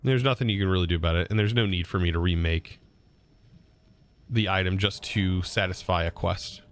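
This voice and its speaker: A man's voice: deep voice, brisk. A man with a Southern US accent chatting casually on a live game stream, reading chat aloud and laughing often.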